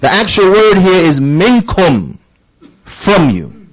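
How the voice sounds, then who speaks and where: Emphatic male preacher, fairly high voice. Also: wildly swooping pitch, slow, highs cut off, slight background noise. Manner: emphatic, repeats key phrases, asks listeners rhetorical questions. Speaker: religious teacher. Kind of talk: lecture-style sermon.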